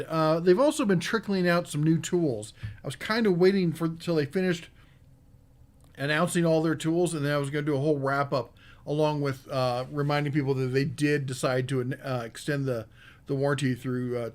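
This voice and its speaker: Male host, rambling and casual, slightly high-pitched, reading chat comments on a live show. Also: fairly even intonation, normal speed. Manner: casual and rambling, with many fillers. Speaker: podcast host.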